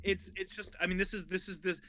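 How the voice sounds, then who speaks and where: A man who is a guest historian, telling a story in a casual, animated way that rambles with many restarts. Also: high voice, fast.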